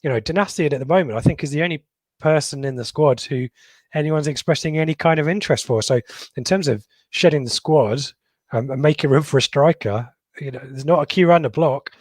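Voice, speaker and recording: A middle-aged man co-hosting a football podcast, reading out viewers' comments in a halting, casual way with many pauses and ums. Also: a little high, darkish tone, dry recording. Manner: halting, lots of ums and restarts. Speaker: podcast co-host.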